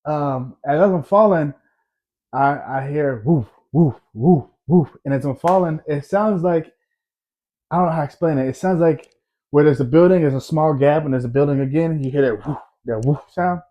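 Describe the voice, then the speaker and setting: A man's voice: a little high, normal speed, mellow. A man in his thirties casually telling a personal story to camera, rambling and conversational, often tagging lines with "right?". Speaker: storyteller, army veteran.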